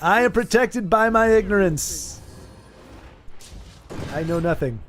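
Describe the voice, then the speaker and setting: Lively, playful man chatting. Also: sits high, takes it slowly. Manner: playful, rambling, laughs easily. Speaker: streamer. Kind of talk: casual chat while playtesting a card game.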